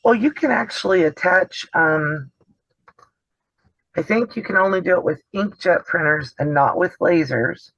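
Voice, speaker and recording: A man's voice: high-pitched, unhurried, fairly bright tone, dry recording. A man hosting a casual sewing demonstration over a video call, chatty and explanatory, often trailing off mid-sentence. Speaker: host of a sewing channel. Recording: dull dry video call audio.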